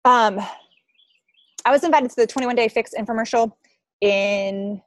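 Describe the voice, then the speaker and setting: A woman's voice: a little high, unhurried, dry recording. Chatty woman coaching a team call. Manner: chatty, acts out quoted voices, many likes and ums. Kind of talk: coaching call, casual storytelling.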